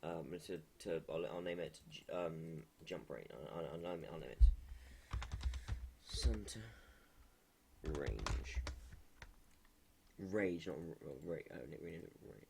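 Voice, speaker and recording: A man streaming live while he builds a game, thinking aloud in a halting way with many restarts. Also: deep voice, gravelly, darkish tone, slight background noise.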